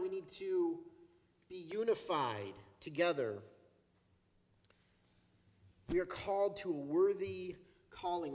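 A man with a high voice delivers a sermon in an easy, conversational manner. He slows down on the phrases he wants to land. The sound has a long reverb, as from a church hall. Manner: conversational preaching, slowing down to stress key phrases. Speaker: pastor. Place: church sanctuary.

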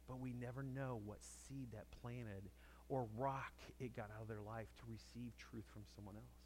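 A man's voice: medium pitch, steady tone, moderate pace, a little mellow, a little hiss or hum. A man preaching a conversational sermon to a congregation, telling stories and acting out quotes. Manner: conversational storytelling, acts out quotes. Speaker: pastor.

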